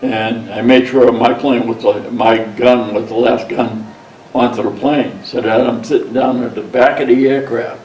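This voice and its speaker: Slow-talking older man in a roomy space. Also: medium pitch, steady tone, darkish tone, a little hiss or hum. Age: 70s. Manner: blunt and profane, retells scenes by quoting himself. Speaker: veteran interviewee. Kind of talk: oral history storytelling. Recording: roomy sound, mic set at a distance, faint background ambience.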